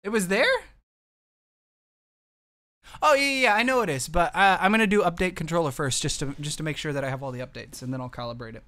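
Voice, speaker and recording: A man's voice: fairly high pitch, rapid-fire, bright, forceful tone. A man casually commenting on his gameplay, playful and full of meme jokes. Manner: jokey, meme-heavy, playful. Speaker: let's-play gamer.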